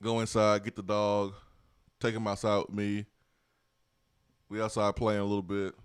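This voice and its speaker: A man's voice: fairly low pitch, monotone, normal speed, clean tone, no echo, clean studio sound. Playful man on sports radio. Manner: playful, repeats catchphrases, laughs often. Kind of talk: casual sports talk chat.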